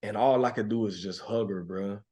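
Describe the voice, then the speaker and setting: A man in his thirties with a slightly low voice talks through a personal story as a podcast guest. His delivery is reflective and emotional, often dropping soft, with laughs breaking in. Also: a little fast, husky. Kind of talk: heartfelt conversational storytelling.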